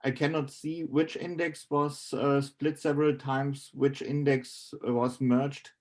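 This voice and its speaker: Audience guy asking a question, slow and halting, lots of ums. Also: mid-range voice, level tone, a little mellow. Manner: hesitant, halting.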